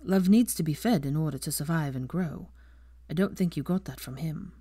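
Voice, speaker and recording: A woman voicing a grown man, a gentle wizard, in a lowered, hushed, tender voice. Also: moderate pace, breathy edge, no echo, studio quality.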